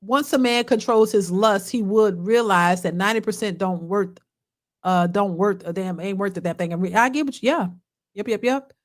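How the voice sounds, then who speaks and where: A woman hosting a casual live stream, telling a funny story in an animated, colloquial way and answering chat comments. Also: medium pitch, normal speed. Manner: animated, laughing, colloquial, swings from loud to hushed.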